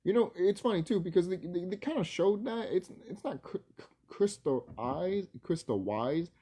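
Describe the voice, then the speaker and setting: A man's voice: sits high, lively intonation, normal speed, mellow, slight background noise. A man vlogging casually, rambling and swearing, laughing easily and stumbling over his words. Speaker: video creator.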